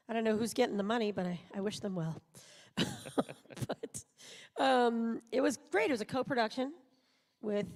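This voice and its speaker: A woman voice actor telling rambling anecdotes at a live panel interview in a large convention auditorium. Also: mid-range voice. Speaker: voice actor guest. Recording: live hall sound, long reverb.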